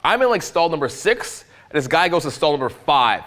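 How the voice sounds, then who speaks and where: Animated, profane male dating coach. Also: fairly high pitch, a little fast. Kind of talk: live seminar talk.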